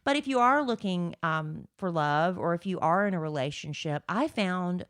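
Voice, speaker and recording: Chatty woman co-host, lower voice, animated storyteller, dry close mic. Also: moderate pace, no room sound. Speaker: podcast co-host. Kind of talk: casual chat.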